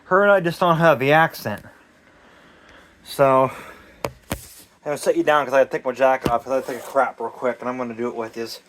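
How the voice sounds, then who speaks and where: A man's voice: mid-range voice, fairly even intonation, fairly quick, long pauses, fairly bright tone, slight background noise. A young man rambling casually and crudely in a vlog, swearing often, talking outdoors in the cold. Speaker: DIY vlogger.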